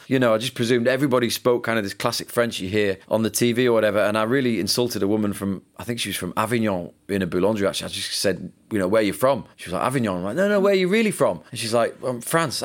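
A man hosting a podcast, talking in a casual, conversational way and telling stories. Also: on the low side. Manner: conversational, anecdotal. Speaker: podcast host. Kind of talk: podcast discussion.

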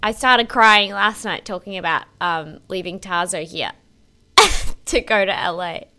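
A podcast co-host chats casually while recapping a TV show, laughing often and swearing freely. Her mid-range voice is bright and forceful, and she speaks a little slowly.

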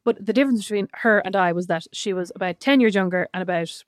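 A woman co-hosting a podcast in casual chat, telling animated stories and swearing freely. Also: mid-range voice, fast talker. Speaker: podcast co-host.

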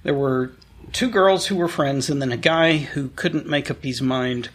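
A middle-aged man co-hosting a podcast, telling stories in a wry, deadpan way with bursts of laughter. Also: medium pitch, measured pace. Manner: wry, deadpan storyteller who breaks into laughter. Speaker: podcast co-host. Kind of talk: casual storytelling chat.

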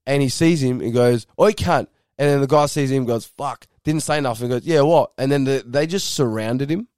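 A man's voice: medium pitch, fairly quick, a little mellow, clear, resonant tone, no echo, studio quality. A young Australian man telling a street story in casual chat, full of slang, swearing and restarts.

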